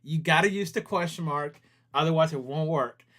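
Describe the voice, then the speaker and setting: A man's voice: on the high side, normal speed, fairly bright tone. A man running a company livestream in casual chat, laughing easily and talking to viewers as he works on screen. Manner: chatty, laughs easily, talks to viewers while working on screen. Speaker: company CEO hosting a livestream.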